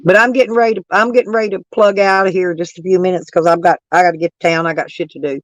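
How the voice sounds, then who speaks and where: A brash, foul-mouthed woman hosts a livestream and argues with her chat, her voice dropped and roughened by allergies. She talks in a fairly low, fairly even tone at a rapid-fire clip, reading chat in a casual rant. The recording is dry and low quality.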